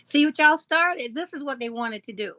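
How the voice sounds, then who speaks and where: A woman's voice: high-pitched, animated, moderate pace, a bit bright, no room sound. A woman hosting a casual live chat, reading comments aloud, teasing her viewers and laughing often. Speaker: livestream host.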